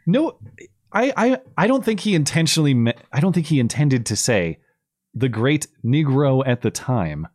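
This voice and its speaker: A man's voice: mid-range voice, normal speed, dry recording, clean studio sound. A man hosting a podcast, giving casual, sarcastic political commentary and laughing as he talks. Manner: sarcastic, animated, laughs while talking. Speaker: podcast host.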